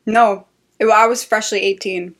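A woman's voice: medium pitch, fairly even intonation, moderate pace, fairly bright tone. Chatty young woman telling a story. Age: 20s. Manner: storytelling, acts out quotes, lots of "like". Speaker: podcast co-host. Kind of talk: casual chat.

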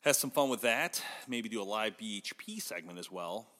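A man's voice: lowish voice, lively intonation, normal speed, sharp tone, long reverb tail, slight background noise. A man hosting a podcast, chatting casually and rambling through stories with frequent laughs. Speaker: podcast host.

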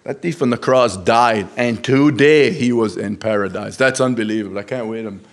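Earnest plain-spoken man preaching. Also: lowish voice. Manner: earnest, halting, plain-spoken, with restarts and rising emphasis on quoted Scripture. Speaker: lay preacher. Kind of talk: sermon. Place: church service.

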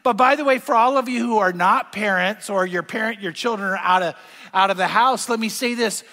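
An older male pastor preaches in a bright, high voice that rings through a large hall. He tells stories and turns to the congregation with questions, and a long reverb trails every phrase. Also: a little fast. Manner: storytelling, asks the audience questions. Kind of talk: sermon.

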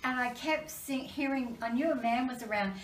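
A woman who works as an animal communicator and medium, talking casually in an animated, storytelling way with many restarts. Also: fairly high pitch, moderate pace. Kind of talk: casual conversation. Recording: roomy, distant mic with faint background noise.

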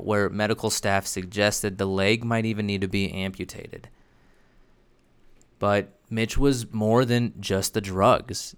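Smooth, low-voiced male narrator. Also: a bit bright, dry recording. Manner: measured, explanatory. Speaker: narrator of a video essay. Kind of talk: scripted narration.

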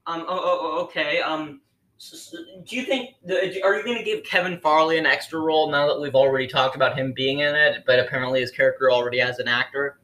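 A man's voice: fairly high pitch, quick pace, sharp tone. Stammering, incredulous man host. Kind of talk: improvised comedy interview. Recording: roomy echo.

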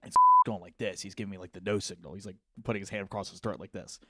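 A man's voice: low-pitched, steady tone, quick pace, bright, forceful tone, slightly rough. A man hosting a podcast, telling a party story in casual chat, often laughing, swearing and acting out what people said. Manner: laughing, swearing, acts out quotes. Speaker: podcast host.

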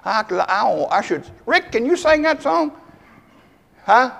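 A high-pitched male pastor preaches a folksy sermon. He talks straight to his congregation and trades quick asides with them. His voice carries a long reverb from the church hall. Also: very animated, creaky, fairly bright tone.

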